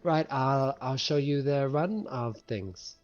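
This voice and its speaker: A man's voice: medium pitch, takes it slowly, a little mellow, voice pushed up, close to an everyday voice. A man voicing a small, shy young halfling girl who speaks hesitantly, on a muffled lo-fi recording. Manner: hesitant, stumbling. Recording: muffled lo-fi with faint music.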